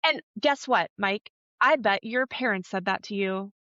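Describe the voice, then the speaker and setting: A woman somatic coach, a podcast guest, explaining calmly and earnestly in an interview. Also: mid-range voice, measured pace, no echo, dull audio. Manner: earnest, coaching, acts out little quoted voices.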